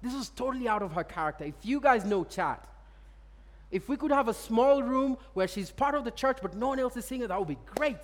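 A man with a strikingly high voice delivers a storytelling sermon, chuckling often and stumbling over repeated words. His voice rings out with a long reverb, as if filling a large church hall. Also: lively intonation, moderate pace. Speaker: preacher. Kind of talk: sermon with personal stories.

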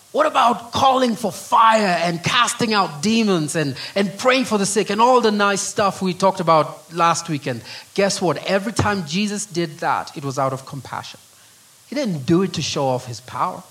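A middle-aged Kenyan man preaching a sermon with an earnest delivery, often dropping to a hushed voice on key phrases. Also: high-pitched, poor audio. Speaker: pastor.

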